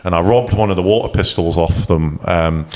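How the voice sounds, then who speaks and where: A young man from Scotland with a very deep voice, talking as a podcast guest. He chats in a loose, laid-back way and swears freely. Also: moderate pace, darkish tone, long reverb tail. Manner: laid-back, swears a lot, quotes people in raised voices. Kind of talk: casual chat.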